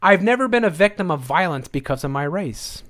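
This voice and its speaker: A man rants through a live commentary stream, angry and sarcastic, and he circles back to the same phrases again and again. His voice sits a little high for a man. It is picked up on a close, dry mic with almost no room sound. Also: animated, a little fast, fairly bright tone, no room sound. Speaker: livestream host.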